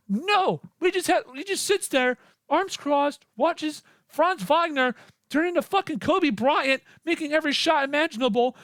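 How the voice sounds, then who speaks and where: A man ranting as a sports fan in a reaction video, heated and profane, repeating himself and building to shouts. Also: very high voice, no echo, clean studio sound.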